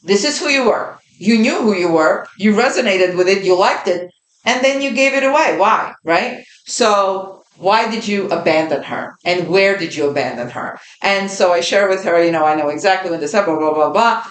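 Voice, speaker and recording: A woman's voice: mid-range voice, animated, moderate pace. Earnest woman in her fifties, echoey room. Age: 50s. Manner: earnest, reflective storytelling. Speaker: podcast co-host. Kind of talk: casual chat.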